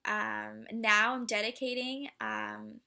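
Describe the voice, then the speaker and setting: A young woman with a bright, slightly high voice tells a personal story. She talks in an emotional, halting way, with many fillers and restarts. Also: steady tone, gravelly. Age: young adult. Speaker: student speaker.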